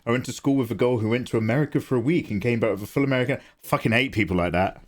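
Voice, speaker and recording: A man's voice: mid-range voice, racing. A man, chatting casually to viewers during a livestream and rambling through his answers. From England. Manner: rambling, chatty, reads chat aloud and answers with laughs. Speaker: livestreaming artist.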